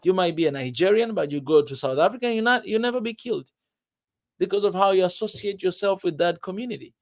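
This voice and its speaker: A man's voice: sits high, lively intonation, quick pace. A man from Tanzania, talking to his viewers in a casual vlog, emphatic and full of "man" and laughter. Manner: emphatic, keeps saying "man", laughs often. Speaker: vlogger.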